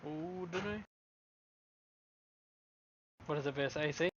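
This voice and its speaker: Calm game master, slightly higher voice. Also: male voice, unhurried, highs cut off, slight background noise. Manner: calm, matter-of-fact rulings. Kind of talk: casual tabletop game chat.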